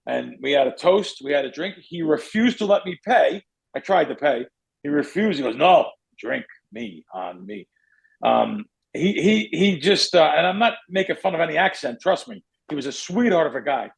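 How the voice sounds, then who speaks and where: Gravelly, rambling male podcast host. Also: a little high, fairly quick, poor audio. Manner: rambling, self-correcting, animated. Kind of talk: casual storytelling.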